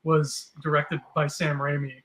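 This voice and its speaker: A man chatting casually on a podcast, his voice sitting a touch high with a bright, sharp edge. He tells stories with animation and slips into goofy voices when he quotes someone. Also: measured pace. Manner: animated storytelling, jumps into silly voices for quotes. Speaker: podcast co-host. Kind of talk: casual chat.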